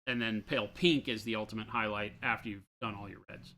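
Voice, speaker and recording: A man's voice: fairly low pitch, fairly even intonation, brisk, sharp tone, a little hiss or hum, rough recording. A man co-hosting a hobby livestream, explaining things plainly and step by step. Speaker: co-host of a miniature painting livestream. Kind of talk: casual livestream chat.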